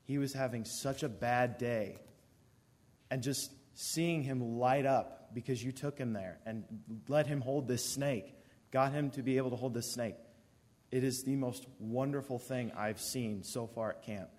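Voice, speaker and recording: A young man speaking in an ordinary middle-pitched voice. He tells a personal story to a listening audience, earnest and sincere throughout. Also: unhurried, darkish tone. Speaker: youth speaker.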